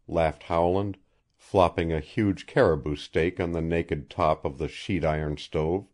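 A man narrating an audiobook in a measured, expressive way. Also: extremely low pitch. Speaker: audiobook reader.

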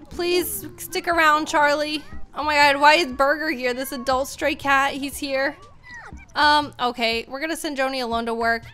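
A woman's voice: high voice, fairly bright tone. A woman hosting a gaming channel, chatting to viewers in let's-play commentary.

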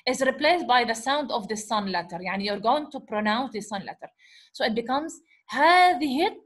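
Woman teacher, fairly high voice, keeps asking herself questions and saying okay. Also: a bit bright. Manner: repeats herself, asks and answers her own questions, says "okay" often. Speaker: Arabic teacher. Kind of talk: explaining grammar lesson.

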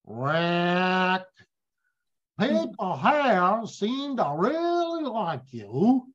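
A man's voice: high voice, wildly swooping pitch, extremely slow, dull audio, full character voice. Man putting on a blunt Boston manager. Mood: puzzled. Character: blunt middle-aged male managing director.

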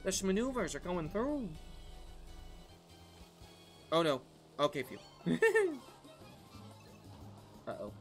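Excitable chatty male game streamer. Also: on the high side, slow, long pauses. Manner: excitable, chatty, laughs often. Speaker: gaming streamer. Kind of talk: live gameplay commentary chatting with viewers. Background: faint background music.

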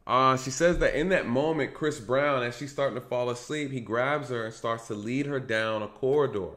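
Speaking at a moderate pace, this male commentary channel host addresses his viewers head-on in a relaxed monologue. He keeps asking "right?" and saying "you guys," alternating loud, energetic bursts with quiet mumbled remarks.

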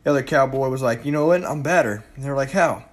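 A man's voice: mid-range voice, fast talker. A man casually telling a joke in a laid-back, drawling storyteller manner.

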